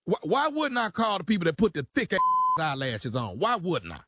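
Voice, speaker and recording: An angry man phoning a business to complain, blustering and threatening in a slow drawl. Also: sits high, wildly swooping pitch, a bit bright, slightly rough, dry recording, clean studio sound. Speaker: angry caller. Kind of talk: prank phone call. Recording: tinny phone line.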